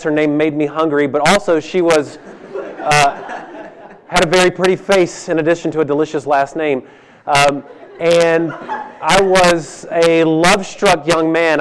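A man in his thirties preaching, telling a funny personal story that swings between loud and hushed delivery. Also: on the high side. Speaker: pastor. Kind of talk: sermon. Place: church hall.

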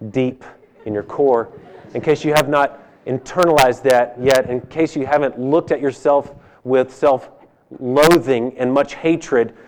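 A man in his thirties preaching, telling a funny personal story that swings between loud and hushed delivery. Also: mid-range voice. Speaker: pastor. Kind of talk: sermon. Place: church hall.

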